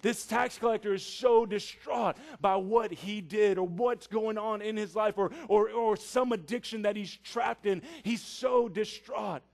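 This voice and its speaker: A man delivers a sermon in an earnest, emphatic way and stacks repeated phrases for effect. His voice sits high for a man. He moves between quiet stretches and forceful emphasis. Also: a little slow, creaky, few pauses. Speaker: preacher.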